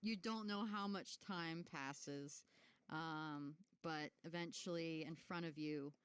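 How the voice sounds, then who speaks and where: Low, slow-talking woman player. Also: smooth, no room sound. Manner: hesitant, many fillers and restarts, laughs often. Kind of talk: tabletop role-play chat.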